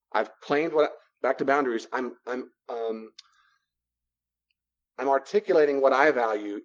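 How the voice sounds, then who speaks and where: A man giving a conversational teaching talk, acting out both sides of the dialogues with lively shifts in his voice. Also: mid-range voice. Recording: dull lo-fi recording.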